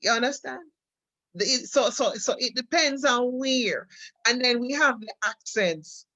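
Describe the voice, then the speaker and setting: A woman's voice: fairly high pitch, a little slow, bright, forceful tone, no echo, rough recording. A Jamaican woman co-hosting a casual chat, explaining things patiently with examples and often repeating her words. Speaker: co-host.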